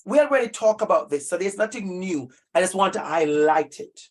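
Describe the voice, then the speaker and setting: Male presenter of a community talk for families; warm-toned delivery, encouraging, chatty, walks through a list of tips. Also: sits high, animated, brisk. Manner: encouraging, conversational, lists tips.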